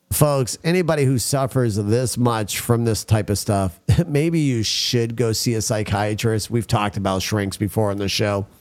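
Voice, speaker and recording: Blunt, crude male talk show host. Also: mid-range voice. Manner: blunt and crude, keeps addressing listeners as folks. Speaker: podcast host. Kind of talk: casual talk show banter and rant.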